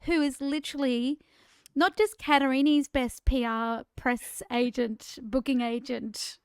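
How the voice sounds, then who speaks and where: A woman's voice: high voice, fairly even intonation, a little slow, clean tone, no echo, clean studio sound. A woman co-hosting a podcast in casual chat, laughing often and restarting her sentences. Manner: warm, chatty, laughs often, repeats words when starting sentences. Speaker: podcast co-host.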